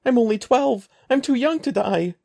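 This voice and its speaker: A man voicing a panicked twelve-year-old boy in a storybook reading, pleading in a shrill, frantic way. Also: animated, normal speed, creaky, mellow, exaggerated voice. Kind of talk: storybook character voice.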